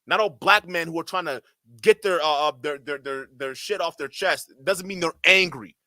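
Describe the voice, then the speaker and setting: A man's voice: on the high side, normal speed, bright, forceful tone, no room sound, studio quality. A man hosting a livestream, giving heated, profane commentary in a ranting manner. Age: adult. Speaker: streamer host.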